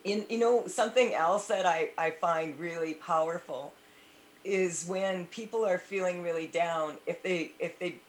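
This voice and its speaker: A woman's voice: lowish voice, unhurried, slight background noise. A woman hosting a talk radio show, chatting with her guest with plenty of fillers and running the segment breaks. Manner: chatty, uses fillers like "you know" and "um". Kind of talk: casual radio interview.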